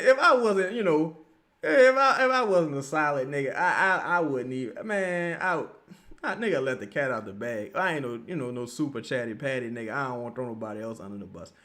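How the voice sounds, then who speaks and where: Animated, profane New man chatting. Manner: animated, profane, swings between loud outbursts and low mutters. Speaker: livestream host. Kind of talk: casual livestream chat reading viewer comments.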